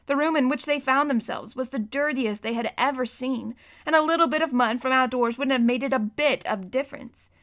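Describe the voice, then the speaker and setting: A woman reading a children's novel aloud as narrator, expressive and acting out the scenes. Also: high voice, a little fast, few pauses. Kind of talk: audiobook narration.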